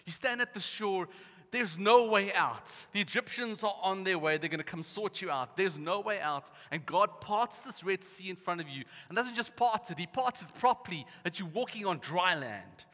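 A man preaching with bright, forceful energy, acting out the voices in his stories. His voice sits a touch high for a man and rings with a long reverb, as if he is speaking in a large hall. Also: normal speed. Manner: lively storytelling, acting out voices. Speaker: pastor. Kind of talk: sermon.

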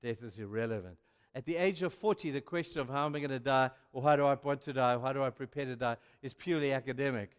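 A man's voice: medium pitch, fast talker, hardly any pauses, clear, resonant tone. An older man preaching a sermon, telling stories and acting out the dialogue with growing energy. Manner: animated, acts out dialogue in a rising voice. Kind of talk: sermon storytelling. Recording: long hall reverb.

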